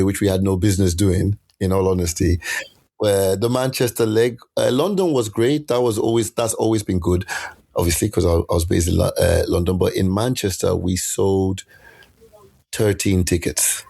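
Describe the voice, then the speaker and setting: Middle-aged guy with a really low voice, podcast guest, rambly animated stories, lots of restarts. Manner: animated storyteller with many restarts. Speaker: guest musician. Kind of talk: casual interview chat.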